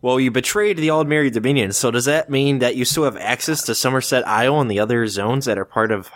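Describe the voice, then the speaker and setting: A man hosting a casual gaming podcast, firing off animated questions and stumbling over his words. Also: medium pitch, fast, dry recording. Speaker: podcast host.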